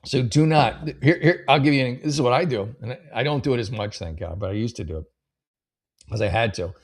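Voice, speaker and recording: Guy hosting a chatty podcast, mid-pitched voice, rambly and loose, swears a bit, lots of ums. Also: fairly quick. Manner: rambling and unfiltered, with many fillers and swearing. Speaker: podcast host. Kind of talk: casual chat reading and advising on online posts.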